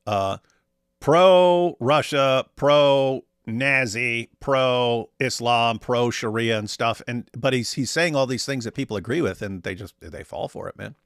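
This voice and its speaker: A man's voice: fairly low pitch, fairly quick, vocal fry, hardly any pauses, no room sound, clean studio sound. A man hosting a casual commentary show, reacting sarcastically to a clip. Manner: animated, sarcastic. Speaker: host.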